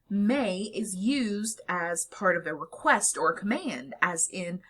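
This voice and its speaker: A woman giving a recorded lecture, explaining in a lively way with occasional fillers. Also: medium pitch, breathy edge.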